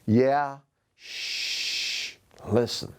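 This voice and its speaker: A man reading aloud and voicing an excitable schoolboy who yells urgently, in a raised voice. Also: mid-range voice, takes it slowly, close to an everyday voice. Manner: urgent, yelling.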